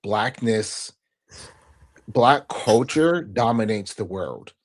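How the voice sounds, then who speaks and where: Earnest low-voiced man, reflective. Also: expressive, slow pace. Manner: earnest, reflective, often adds a questioning "right?". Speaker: podcast guest. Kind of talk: casual interview conversation.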